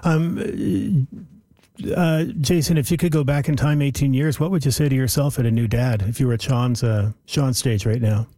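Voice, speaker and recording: A man's voice: mid-range voice, steady tone, normal speed, warm tone, no echo. A man hosting a live morning radio show in a friendly, easygoing way.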